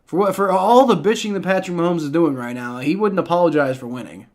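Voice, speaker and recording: A man's voice: fairly high pitch, quick pace. A man live-streaming a game reaction, ranting in exasperation with heavy profanity and frequent stammering restarts.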